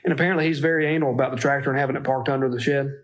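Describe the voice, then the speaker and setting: A man's voice: medium pitch, fairly even intonation, racing, muffled recording. A man questioning a suspect in a police interview, pressing with repeated, pointed questions. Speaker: police investigator.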